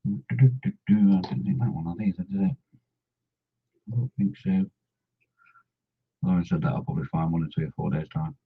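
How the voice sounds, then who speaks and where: A man's voice: low-pitched, steady tone, a little fast, pauses often, slightly rough. A man chatting casually while painting miniatures, rambling and humming to himself. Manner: rambling, hums and mumbles to himself. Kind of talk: casual chat while working. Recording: dull lo-fi sound.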